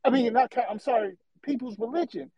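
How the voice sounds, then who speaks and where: A man with a fairly high voice calls in to a show and delivers a long, heated, rambling take, circling back over his points. His voice sounds dry and close, with no room around it. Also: fairly quick, warm tone, breathy edge, dry recording, dull audio. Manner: passionate, rambling, repeats himself. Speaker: caller. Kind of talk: opinionated call-in rant.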